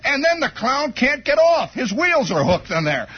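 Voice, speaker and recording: A man telling a comic first-person story on the radio, animated and full of sound effects and acted-out voices. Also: extremely high pitch, normal speed, breathy edge. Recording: dull lo-fi old radio broadcast with faint music.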